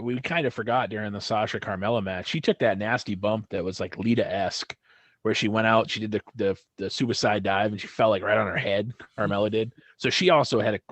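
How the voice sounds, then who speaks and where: A man's voice: fairly low pitch, no echo. Guy rambling on a podcast, swears a bit, dry close sound. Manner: rambling, swears when heated. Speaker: podcast co-host. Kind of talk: casual chat.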